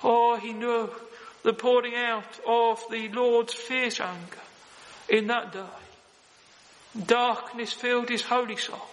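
A man's voice: extremely high pitch, little pitch movement, slow, big-room sound, low-quality recording. A man preaching a sermon in a solemn, earnest manner, often calling out "oh" and "friends".

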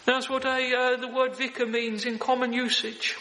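A man's voice: very high-pitched, little pitch movement, normal speed, hardly any pauses, bright, forceful tone, in a large hall, a little hiss or hum, poor audio. A man preaching a sermon in a solemn, earnest manner, often calling out "oh" and "friends".

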